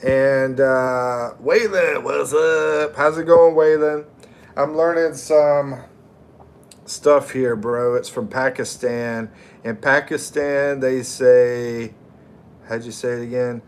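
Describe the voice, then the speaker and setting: Speaking at a medium pitch with fairly even intonation, this livestream host is a middle-aged man from the United States. He takes it slow and friendly, reading viewers' names and comments aloud as he chats casually.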